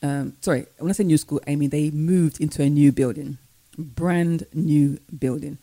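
Woman, parent guest, warm low tone, animated storyteller, dry close mic. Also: moderate pace, dry recording. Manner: animated storyteller, acts out her own reactions. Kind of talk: storytelling in a casual faith-based conversation.

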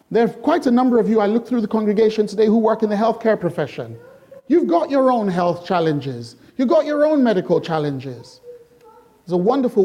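Preaching a sermon, a middle-aged male pastor fires repeated rhetorical questions at his congregation, shifting between slow, emphatic lines and quick bursts. His voice sits high and sounds mellow.

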